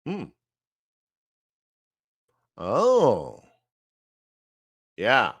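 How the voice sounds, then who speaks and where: A man teaching trading live, walking through price charts slowly, thinking aloud with fillers and asides. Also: mid-range voice, wildly swooping pitch, fairly bright tone, breathy edge, no echo. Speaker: trading educator.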